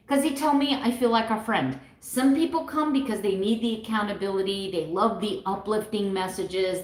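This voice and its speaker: A woman in her fifties speaks straight to her viewers in an open, heartfelt vlog. Her voice sits at an ordinary middle pitch, and she talks with animated swings, sometimes mimicking other people. The room gives her voice a noticeable echo. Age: 50s. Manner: animated, quotes others in varied put-on voices. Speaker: keto vlogger. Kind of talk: heartfelt personal vlog monologue.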